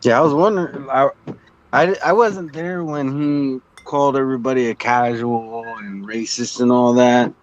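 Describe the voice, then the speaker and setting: A man joining a livestream as a guest, speaking hesitantly with many pauses and ums. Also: medium pitch, fairly even intonation, slight background noise. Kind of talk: casual livestream chat. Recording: muffled call-in audio.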